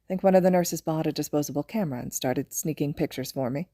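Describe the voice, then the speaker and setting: A woman voicing a tender young father who speaks softly and haltingly, in a podfic reading. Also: sits low, no room sound, clean studio sound. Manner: soft-spoken, halting, affectionate.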